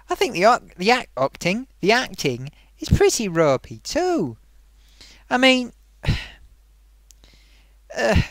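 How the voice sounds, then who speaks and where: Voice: medium pitch, a bit bright, no room sound. A film reviewer ranting in a rambling, sarcastic, exasperated way, full of ums and little laughs. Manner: frequent fillers and amused laughs.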